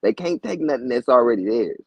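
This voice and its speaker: A man's voice: mid-range voice, very animated, brisk, vocal fry, husky, dry recording. A man talking in a laid-back, slangy casual chat and laughing now and then. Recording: dull, lo-fi dry audio.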